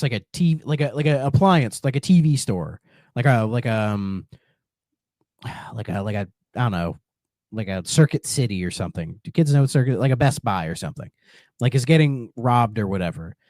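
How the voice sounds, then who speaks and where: Guy cohosting a podcast, lively up-and-down voice, rambly, super dry close mic. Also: medium pitch, no echo. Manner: rambling, many restarts and fillers. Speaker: podcast co-host. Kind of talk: casual podcast chat.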